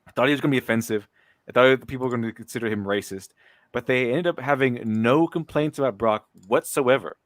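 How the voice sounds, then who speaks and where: A man's voice: medium pitch, quick pace, no room sound, studio quality. A man hosting a casual commentary chat, rambling with restarts and a mocking tone. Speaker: podcast host.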